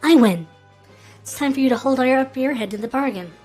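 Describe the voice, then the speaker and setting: A woman streamer voicing a determined young female former general, reading the game's lines in a quiet, low-key way. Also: fairly quick, faint music behind, close to an everyday voice. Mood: sly.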